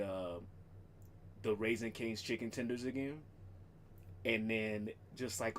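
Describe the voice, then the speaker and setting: A man's voice: on the low side, a little hiss or hum. A man streaming casually at home, rambling loosely about his cooking plans, swearing freely and laughing often. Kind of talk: casual chat.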